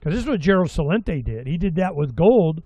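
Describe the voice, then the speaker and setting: A man's voice: fairly high pitch, very animated, brisk, mellow, dry recording, dull audio. A middle-aged man hosting a talk show, rambling and sarcastic in a casual monologue, slipping into mocking voices for quotes.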